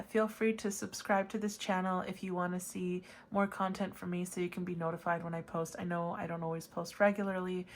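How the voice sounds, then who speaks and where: A woman tarot reader delivering a playful love letter, joking in a sing-song way and turning soft and earnest in the serious parts. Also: lowish voice, slight background noise. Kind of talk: channeled love letter reading.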